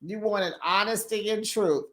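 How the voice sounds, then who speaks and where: A lively recap host, mid-pitched, chatting through a reality show episode. The host scolds the cast directly and jumps into short put-on voices to act out their lines. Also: unhurried. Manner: animated, talks straight to the show's cast. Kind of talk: casual commentary.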